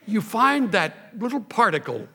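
A man delivers a sermon from the pulpit with lively, swinging emphasis. His voice is bright and fairly high for a man. It rings with a long reverb, as in a church sanctuary. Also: a little slow, husky. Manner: animated, emphatic preaching with rising intensity. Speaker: preacher. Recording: reverberant hall.

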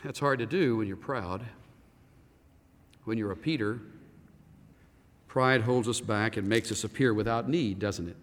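A male pastor preaching a sermon, animated and full of rhetorical questions. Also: medium pitch, long reverb tail.

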